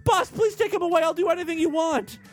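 A man's voice: very high voice, fast, soft background music, voice pushed up. A man voicing a frightened young woman who pleads in a squealing, whimpering voice.

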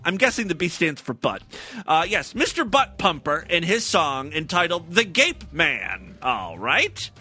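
A man's voice: on the high side, very animated, unhurried, bright, forceful tone, slightly rough. A man hosting a comedic talk show, giving crude, sarcastic running commentary over clips. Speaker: podcast host.

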